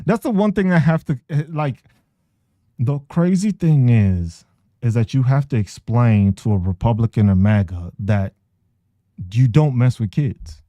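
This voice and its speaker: A man's voice: medium pitch, warm tone, dry recording. Profane laughing male podcast host. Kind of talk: casual ranting monologue.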